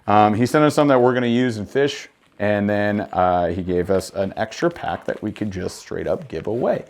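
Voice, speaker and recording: A fishing vlog host talks through tackle in a loose, casual way. This man has a somewhat low voice and gets excited and jokey, dropping slang as he shows off each bait. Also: normal speed, gravelly. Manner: enthusiastic, slangy, joking. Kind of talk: casual gear review.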